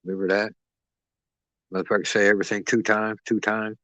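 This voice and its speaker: Low-voiced guy rambling and cussing on a boxing live stream, dry close mic. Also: flat delivery, brisk, a bit bright, no room sound, highs cut off. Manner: rambling, boastful, swearing freely, talks to chat. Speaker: boxing livestream stand-in host.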